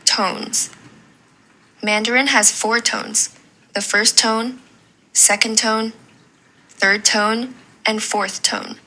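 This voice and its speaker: A woman teaching a Mandarin lesson in a slow, clear and encouraging way. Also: fairly high pitch, fairly even intonation, pushed and bright, low-quality recording. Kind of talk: scripted lesson narration.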